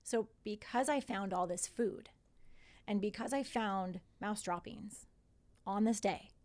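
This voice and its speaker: With a medium pitch, measured pace and darkish tone, this podcast guest in her forties tells her own story casually. She gets animated, quotes other people and swears along the way.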